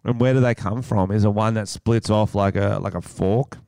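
Australian podcast co-host, low clear voice, crude quick humor. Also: male voice, fairly even intonation, darkish tone, no echo, studio quality. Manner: joking, crude, quick banter. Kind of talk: casual comedic chat.

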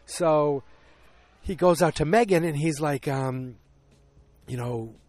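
A man's voice: fairly high pitch, slow pace, a little mellow. A man in his forties casually recapping a TV episode, with lots of fillers and opinionated asides.

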